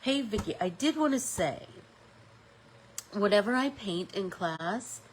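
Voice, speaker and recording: A woman's voice: mid-range voice, expressive, unhurried, slight background noise, low-quality recording. A woman with a stuffy nose hosting a live-stream art class, chatting casually and thinking aloud with fillers as she paints.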